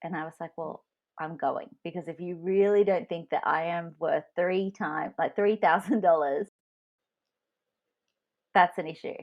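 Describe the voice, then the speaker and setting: A woman's voice: fairly low pitch, fairly even intonation, unhurried, muffled recording. A woman co-hosting a podcast in casual chat, telling frank stories from her own work life. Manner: candid, frank storytelling. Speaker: podcast co-host.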